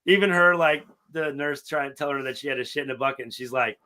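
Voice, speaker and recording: A middle-aged man on a podcast, talking casually and emotionally, swearing often and acting out quotes loudly. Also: on the high side, fast talker, hardly any pauses. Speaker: podcast co-host.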